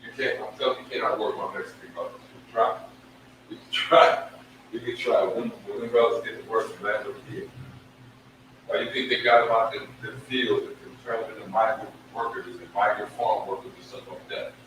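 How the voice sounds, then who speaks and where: Captured from a distance in a very echoey room with faint noise, this man's voice is on the low side, fairly bright and level in tone, and a little fast. Teaching from scripture, he speaks emphatically, says things more than once and draws out every syllable.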